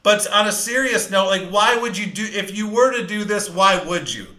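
Brief: energetic male sales coach, high bright voice, punchy and fast, roomy echo. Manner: fast-talking, energetic, emphatic. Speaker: sales trainer. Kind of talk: live training talk.

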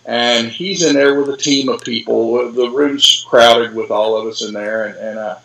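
Gravelly paramedic guy spinning a wry work story, lots of uhs, mid-pitched. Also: normal speed, rough recording. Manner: animated, wry, many fillers. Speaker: paramedic guest. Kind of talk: casual storytelling.

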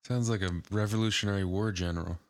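A man's voice: lowish voice, steady tone, fast talker, dry recording, clean studio sound. A man co-hosting a casual podcast chat, making wisecracking asides. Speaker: podcast co-host.

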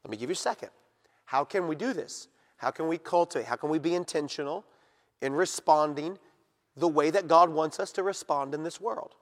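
A male pastor preaching a sermon, speaking straight to his listeners, pressing points with emphasis and slowing down to drop into a hush on key words. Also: fairly high pitch. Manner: addresses listeners directly. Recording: reverberant hall.

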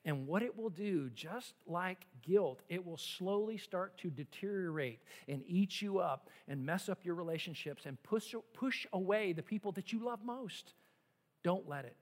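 A man's voice: high voice, expressive, a little slow, big-room sound. A man preaching a sermon with emphatic repetitions and rhetorical questions, as a pastor.

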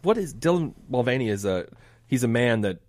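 A man from Miami appearing as a guest on a radio talk show, talking in a quick, agreeable conversational way. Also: mid-range voice, sing-song, darkish tone, dry recording, studio quality. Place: radio studio.

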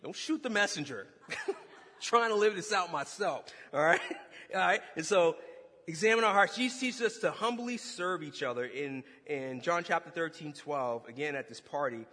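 A man preaching a sermon, telling a story with animated energy and shouting at its peaks. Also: on the high side, moderate pace. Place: church hall. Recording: long hall reverb.

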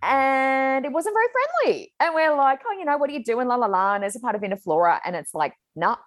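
Energetic chatty woman on a dry mic. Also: high voice, fast talker, no room sound. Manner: energetic, chatty, frequent "like" and "oh my God". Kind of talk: casual chat.

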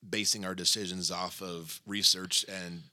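Man, very low pitch, bright edge, casual podcast chat. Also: measured pace, dry recording. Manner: relaxed, agreeable, short backchannel replies. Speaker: podcast co-host.

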